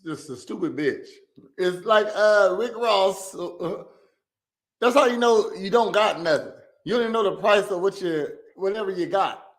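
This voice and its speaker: A man's voice: sits high, moderate pace. Blunt, slangy man reacting. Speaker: reaction video host. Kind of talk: casual reaction commentary.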